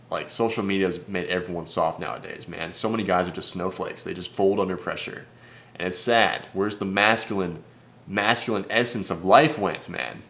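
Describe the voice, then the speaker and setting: Deep-voiced guy coaching on dating, blunt and swears a lot, real casual. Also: fairly even intonation, normal speed, gravelly, fairly bright tone, slight background noise. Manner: brash, profane, blunt. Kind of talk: casual vlog advice talk.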